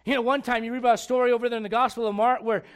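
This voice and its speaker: A man preaching a casual storytelling sermon, joking and chatty, dropping to a hush and then rising loud. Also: extremely high pitch, level tone, rapid-fire. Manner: conversational, joking, swings from hushed to loud. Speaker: pastor.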